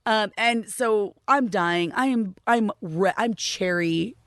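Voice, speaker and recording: A woman co-hosting a podcast, a radio DJ telling a story in a quick, animated, casual way. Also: medium pitch, no room sound, clean studio sound. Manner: animated, quick storyteller who jumps into quoted voices.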